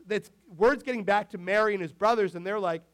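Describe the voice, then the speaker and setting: A man preaching a casual, animated sermon, peppering his speech with "like". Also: high-pitched, fairly quick. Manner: animated, filler-heavy with frequent "like"; talks to the tech crew mid-sermon. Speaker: pastor.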